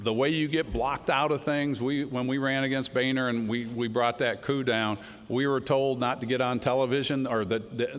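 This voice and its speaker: Folksy congressman, middle-aged, mid-pitched, off-the-cuff speech with long hall echo. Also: fairly bright tone. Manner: folksy, storytelling, says y'all. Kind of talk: unscripted political speech. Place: large hall before a crowd. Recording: hall reverb with crowd.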